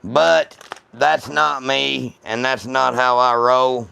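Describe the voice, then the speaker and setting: A man hosting a casual gun-channel livestream, talking to viewers in rough, profane, blunt banter. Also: mid-range voice, steady tone, takes it slowly, bright, forceful tone.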